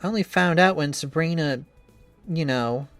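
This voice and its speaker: A man's voice: a little high, normal speed, fairly bright tone, no echo, soft background music. A man voicing a cheerful young woman trainer who is anxious about her cooking, reading a visual novel game in an earnest, rambling, self-doubting way.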